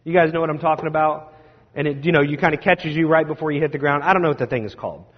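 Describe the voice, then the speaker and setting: A man preaching a sermon, telling a self-deprecating personal story in a lively way. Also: on the high side, rapid-fire. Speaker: pastor. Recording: dull sound with long hall reverb.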